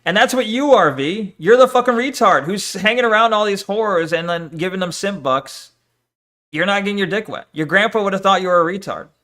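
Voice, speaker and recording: Man, high voice, bright tone, profane mocking rant, streamer reaction. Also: a little fast. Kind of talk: casual reaction commentary.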